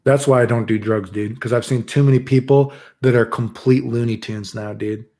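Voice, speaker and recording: A man streams and tells stories in a casual chat, rambling loosely and saying "dude" constantly with a laid-back delivery full of restarts. His mid-range voice is a little mellow, with fairly even intonation at a moderate pace.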